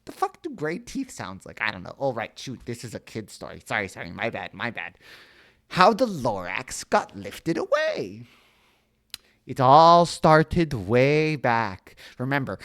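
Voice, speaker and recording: A woman's voice: extremely low pitch, fairly bright tone. A woman reading a children's story aloud, often stopping for playful, joking asides and correcting her own stumbles over the made-up words. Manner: playful, self-interrupting, swears then apologizes.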